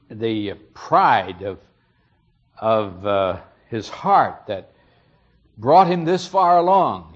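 Earnest man preaching, lo-fi recording. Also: on the high side. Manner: earnest, expository storytelling with rising emphasis. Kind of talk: sermon.

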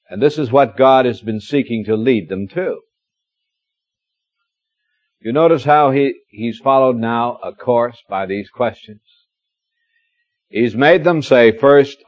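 Gently humorous preacher on old tape. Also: male voice, mid-range voice, dry recording. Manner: warm storytelling, gently humorous, reads scripture slowly. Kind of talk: expository sermon. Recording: dull lo-fi dry recording.

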